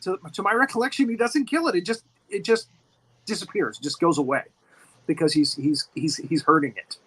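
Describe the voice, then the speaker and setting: A man's voice: fairly high pitch, normal speed, fairly bright tone, husky, poor audio. A man hosting a casual movie discussion who rambles, repeats words and laughs often. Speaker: host.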